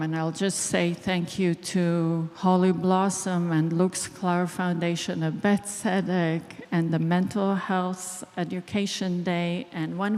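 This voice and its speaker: Woman, Israeli accent, slow deliberate pace, speech to an audience, long hall reverb. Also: fairly low pitch, a little mellow. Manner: slow, deliberate, emotional at moments. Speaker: clinical psychologist, event organizer. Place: large hall.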